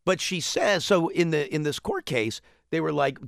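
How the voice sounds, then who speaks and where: Male talk-show co-host, gravelly, meandering storytelling, close dry mic. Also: on the high side, lively intonation, moderate pace, no room sound. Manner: rambling storyteller, chuckles often. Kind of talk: casual chat, retelling a news story.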